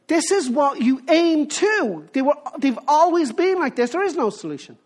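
A lively, animated preacher delivers a sermon. The voice rises and falls freely, and the speaker presses each point emphatically, often breaking off and restarting mid-phrase. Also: high-pitched, moderate pace. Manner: animated, asks the listeners rhetorical questions.

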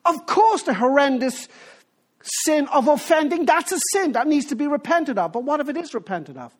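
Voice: high-pitched, very animated, normal speed. A preacher giving a sermon in an emphatic way, often restarting phrases and putting rhetorical questions to the listeners.

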